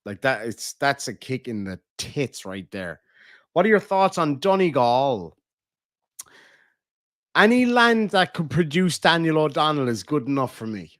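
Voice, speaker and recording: A man's voice: fairly high pitch, very animated, unhurried, fairly bright tone, no room sound, studio quality. Cork man, crude live-stream banter. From Ireland. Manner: crude, joking banter, heavy swearing. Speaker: live streamer reading chat. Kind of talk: casual live-stream chat.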